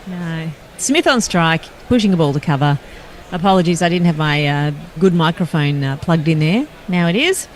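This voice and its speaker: A woman with an Australian accent doing brisk ball-by-ball cricket commentary. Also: a little hiss or hum. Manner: brisk play-by-play calls with lively pitch swings.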